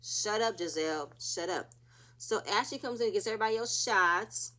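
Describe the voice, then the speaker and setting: A woman's voice: mid-range voice, normal speed, pushed and bright. A woman casually recapping a reality TV episode, chatty and opinionated, acting out what the cast said.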